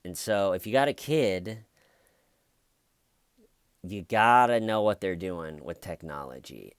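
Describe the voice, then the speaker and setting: A man's voice: fairly low pitch, smooth, no echo, clean studio sound. A man talking through a true-crime story in a rambling, conversational commentary full of fillers and restarts. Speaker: commentary youtuber.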